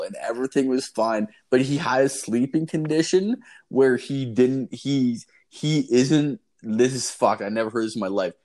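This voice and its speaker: A man tells a story in casual conversation, rambling and cursing, leaning on "like" and "dude" and leaping into high yelps when quoting people. His tone is a little mellow.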